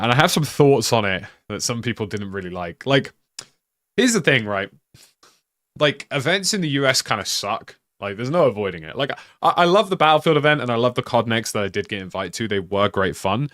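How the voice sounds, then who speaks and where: A young British streamer talks in a loose, rambling way, stacking up "like" and restarting his sentences. His voice sits fairly low. The sound is dry, with no room echo. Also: fairly bright tone. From United Kingdom. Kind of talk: casual live-stream chat.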